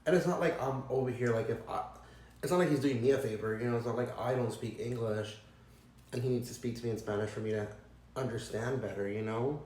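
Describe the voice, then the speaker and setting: A young man ranting through a storytime in a loose, exasperated way, swearing freely and tripping over filler words. His voice sits at a middling pitch. The room around him rings with noticeable echo. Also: quick pace, a little mellow. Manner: profane, exasperated, rambling with many likes. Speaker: vlogger. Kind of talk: casual storytime rant. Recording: echoey room.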